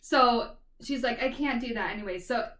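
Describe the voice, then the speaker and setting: A woman's voice: a little high, moderate pace, a bit bright. A woman co-hosting a podcast, casually retelling a novel's plot with lots of "like" and "kind of thing". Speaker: podcast co-host. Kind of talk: casual book review chat. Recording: echoey room, far from the mic.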